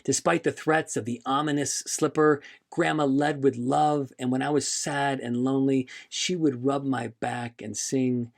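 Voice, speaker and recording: Slow, gravelly-voiced man telling his story. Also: mid-range voice, fairly even intonation. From United States. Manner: slow, reflective and heartfelt. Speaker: podcast host. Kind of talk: scripted personal narration.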